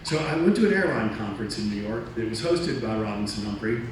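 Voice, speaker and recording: A man giving a talk, telling a story from his career in a lively way, acting out other people's lines and laughing at himself. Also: lowish voice, fast. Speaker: motivational speaker. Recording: echoey room, distant mic, faint noise.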